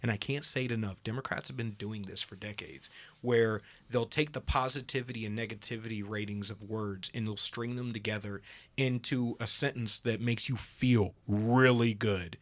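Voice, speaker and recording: A man in his thirties hosting a political podcast, telling stories with lively impressions of other people. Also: mid-range voice. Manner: animated storyteller, mimics others in a raised voice. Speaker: podcast host. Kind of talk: casual political chat.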